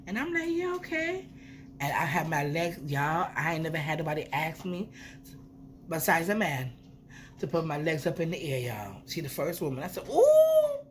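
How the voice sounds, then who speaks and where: A woman's voice: low voice, normal speed, a little hiss or hum. A young woman, telling a playful storytime vlog with swearing. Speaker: vlogger. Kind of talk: casual storytime.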